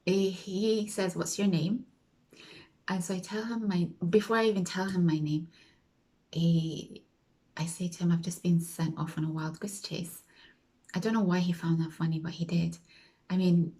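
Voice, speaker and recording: A woman's voice: on the low side, darkish tone, rough recording. A woman vlogger telling a story in a casual way, acting out the people she quotes and sometimes dropping to a whisper. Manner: chatty, acts out quoted voices, drops to a whisper at times.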